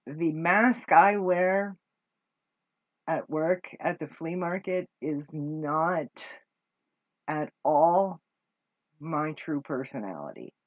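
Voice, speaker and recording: A woman's voice: deep voice, animated, extremely slow, pauses often, dry recording, dull audio. A woman telling a story about her flea market booth in a casual monologue, swearing often and rambling with restarts as her exasperation builds.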